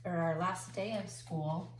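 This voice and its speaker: A woman teaching kindergarten remotely from home, speaking slowly and patiently in simple words for young children. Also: on the low side, fairly even intonation, echoey room, noisy background. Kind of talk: remote class lesson.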